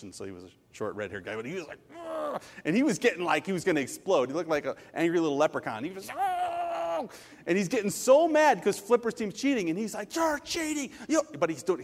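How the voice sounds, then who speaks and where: A man's voice: on the high side, in a large hall. A man preaching a sermon as a pastor, telling stories with animation and acting out the quotes. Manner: animated storytelling, acts out quotes.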